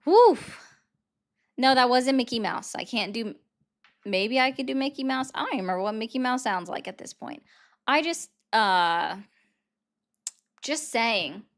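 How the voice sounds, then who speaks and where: A woman's voice: a little high, moderate pace, fairly bright tone. A woman hosting a live stream and taking callers, chatting in a self-deprecating, rambling way. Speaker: livestream host taking callers. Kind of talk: casual livestream chat.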